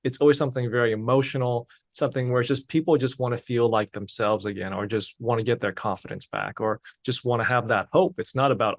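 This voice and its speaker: A man's voice: medium pitch, fairly even intonation, fast, hardly any pauses, dry recording, studio quality. A man hosting a podcast interview who affirms his guest's points in an enthusiastic way. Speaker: podcast host.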